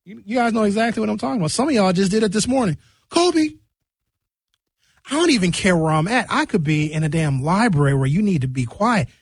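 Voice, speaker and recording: A man hosting a radio show in casual chat, talking in animated, rambling comic riffs from a studio microphone. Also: sits high, fast talker, hardly any pauses, breathy edge, no room sound.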